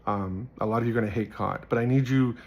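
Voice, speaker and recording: A man's voice: mid-range voice, fast, lo-fi sound. A man giving a casual Bible teaching, earnest and rambling, telling personal stories and repeating phrases for emphasis.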